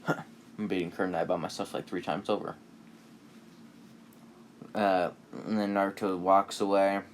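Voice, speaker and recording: Young guy with a deep low voice rambling thru a fan story, lots of uhs and likes, half distracted by his game. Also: level tone, a little slow, long pauses, a little hiss or hum. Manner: filler-heavy, distracted, swears casually. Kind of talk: casual rambling fan-fiction retelling.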